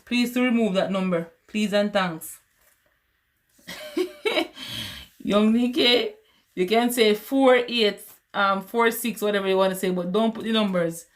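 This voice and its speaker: In an echoey room, a medium-pitched woman with a Caribbean English accent works through math problems for a casual livestream audience. She chats freely, responding to viewers and their messages as she tutors.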